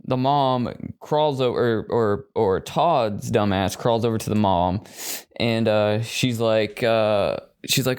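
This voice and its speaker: A man's voice: lowish voice, slow pace, clear, resonant tone. A man co-hosting a podcast, retelling a film in casual chat with lots of swearing and acted-out quotes. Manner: profane, animated retelling with voices. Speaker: podcast co-host.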